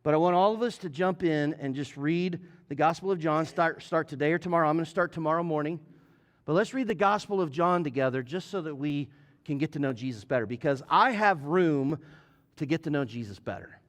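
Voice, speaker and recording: A man's voice: on the high side, fairly quick. A male lead pastor preaching a sermon in a church, speaking earnestly and appealing directly to the congregation. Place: church sanctuary.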